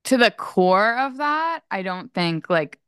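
Smooth-voiced young woman podcast co-host. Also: mid-range voice, big pitch swings, slow, fairly bright tone, no room sound, studio quality. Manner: chatty, lots of "like" fillers. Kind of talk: casual chat.

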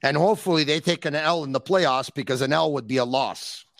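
A man hosting a call-in podcast, teasing his caller in a playful way with drawn-out emphasis. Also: a little high, fairly bright tone, no echo, clean studio sound. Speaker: podcast host. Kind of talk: casual call-in chat.

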